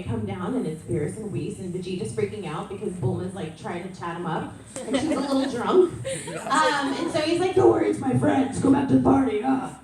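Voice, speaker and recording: A woman's voice: a little high, a little hiss or hum. A woman, a voice actor on a convention panel, telling a story in a chatty, bubbly way, recorded far off in an echoey hall.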